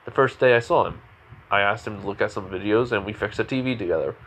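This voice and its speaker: Male storyteller making it up as he goes: halting, rambling, lower register. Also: a bit bright, husky. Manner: rambling, halting, many restarts. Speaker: fan storyteller. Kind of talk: improvised fan story narration.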